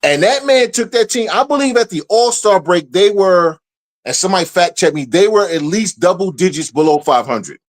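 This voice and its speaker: A man's voice: high voice, animated, moderate pace. A man co-hosting a podcast, ranting in exasperation about sports, swearing and then apologizing. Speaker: podcast co-host. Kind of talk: heated sports debate.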